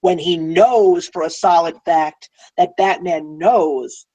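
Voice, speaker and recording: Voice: medium pitch, slow, warm tone, dull audio. Enthusiastic host leading a film chat. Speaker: podcast host. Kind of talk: casual film discussion.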